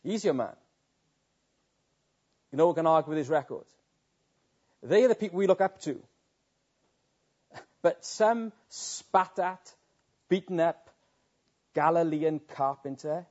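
A man's voice: sits high, expressive, normal speed, long pauses, a little mellow. A man preaching an evening sermon, earnest and rhetorical, often restarting his words. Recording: dull lo-fi recording.

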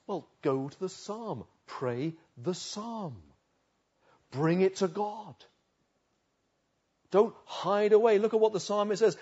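Man, preacher, sermon, husky, loud-to-hushed swings, lo-fi. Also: on the high side, very animated. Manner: dramatic swings from loud urging to hushed, slow pleading. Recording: dull lo-fi recording.

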